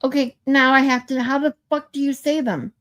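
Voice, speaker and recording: This woman's voice is high and fairly bright, with fairly even intonation at a moderate pace. As a livestream host, she chats playfully, reads comments aloud and tests out how words are pronounced.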